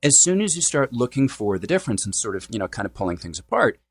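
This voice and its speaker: A man's voice: mid-range voice, big pitch swings, quick pace, slightly rough, dry recording. A man who is a dialect coach, answering interview questions in a fluent, lecturing way, often adding "you know" and "right?". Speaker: accent expert and dialect coach, guest.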